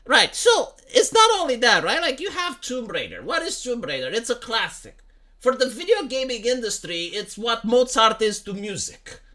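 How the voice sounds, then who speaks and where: A man's voice: very high-pitched, very animated, moderate pace, sharp tone. A young man ranting in profane, heated commentary, often repeating "like" and "right?". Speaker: commentary streamer.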